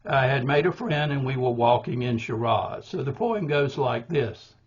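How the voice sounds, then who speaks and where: An older man teaching a poetry workshop, explaining meter in a deliberate way with small restarts. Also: medium pitch, lively intonation, breathy edge. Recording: dull, muffled recording.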